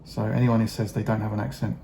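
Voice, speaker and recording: A middle-aged hobby vlogger chats casually while painting miniatures, rambling with lots of fillers, wry asides and the occasional swear word. He talks fast in a fairly low, flat, mellow voice with vocal fry, over a little hiss or hum.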